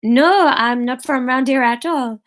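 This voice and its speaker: A woman voicing a kind, plump French woman in her fifties, with a put-on French accent and a gentle, chatty manner. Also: sits high, unhurried, voice pushed up. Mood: friendly.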